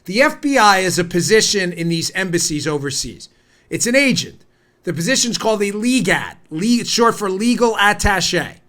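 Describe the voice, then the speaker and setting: Host, male, 40s, American, high-pitched and heated, indignant political commentator. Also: expressive, normal speed. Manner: heated and indignant, rising to near-shouting. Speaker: podcast host.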